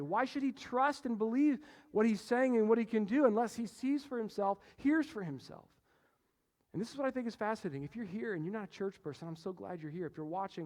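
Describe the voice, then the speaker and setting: A man delivering a sermon from a church stage, his fairly high voice carrying long reverberation around the sanctuary. He drives points home with loud bursts, then drops to a hushed low tone to draw listeners in. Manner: animated, swings between loud emphasis and hushed low passages. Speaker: pastor.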